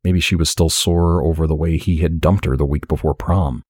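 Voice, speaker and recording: A man narrating an audiobook story in a steady, measured way. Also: a bass voice, husky, no room sound, clean studio sound.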